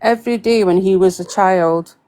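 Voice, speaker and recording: A soft-spoken, apologetic woman chatting on a livestream. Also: mid-range voice, normal speed. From England. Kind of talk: livestream guest chat. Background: cat meowing.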